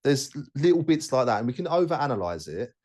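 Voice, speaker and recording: A man's voice: mid-range voice, sing-song, fast talker, darkish tone. A man hosting a casual podcast chat, talking bluntly and rambling with many restarts. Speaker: podcast host.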